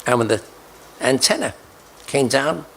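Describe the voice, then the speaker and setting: An older man recounting a personal story, deliberately repeating key details for emphasis. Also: mid-range voice, very animated, creaky, fairly bright tone, slight background noise, rough recording. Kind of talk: storytelling speech.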